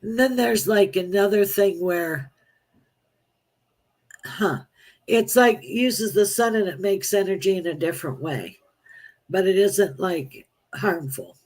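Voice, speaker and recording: Female psychic guest, plain-spoken, halting with restarts. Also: medium pitch, darkish tone. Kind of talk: casual live-stream chat.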